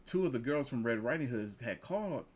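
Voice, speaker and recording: A man telling a casual story, lively, jumping higher when he quotes people. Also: a little fast. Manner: animated, jumps up in pitch when quoting others.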